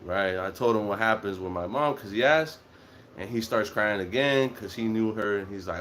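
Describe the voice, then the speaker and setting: Profane, lively young man telling a story. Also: fairly low pitch, moderate pace, slight background noise. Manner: profane, animated, acts out quotes. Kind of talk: casual storytelling monologue.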